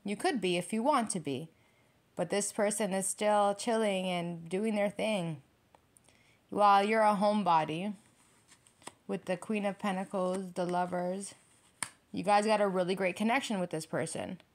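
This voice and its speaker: A woman's voice: mid-range voice, fairly even intonation, normal speed. A woman giving a casual tarot reading to camera, blunt and profane, repeating phrases for emphasis. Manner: breaks into laughter. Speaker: tarot reader.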